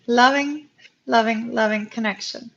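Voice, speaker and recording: A fairly high-voiced woman reads tarot cards on a live stream. She talks slowly and emotionally to her viewers, and the audio is dull and lo-fi. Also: fairly even intonation, gravelly, fairly bright tone. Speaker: tarot reader.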